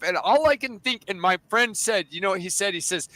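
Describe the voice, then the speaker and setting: An American man casually telling a rambling, profane story on a livestream, animated and full of restarts. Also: high-pitched, moderate pace, no room sound, rough recording. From United States.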